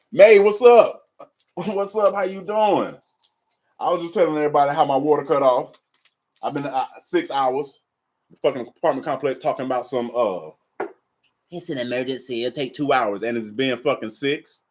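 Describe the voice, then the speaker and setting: A man's voice: medium pitch, normal speed, darkish tone. Laid-back man hosting a live tarot stream. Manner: laid-back, talks straight to viewers, swears casually. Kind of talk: casual live stream chat and reading aloud. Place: at home in an apartment.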